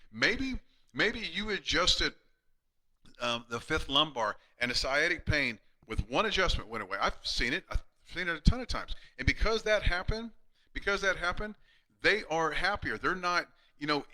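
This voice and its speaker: A man in his fifties, a chiropractor giving an earnest live-streamed talk to colleagues, emphatic with many restarts and going quiet and hushed when retelling patient stories. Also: on the high side, poor audio. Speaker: chiropractor speaking to fellow chiropractors.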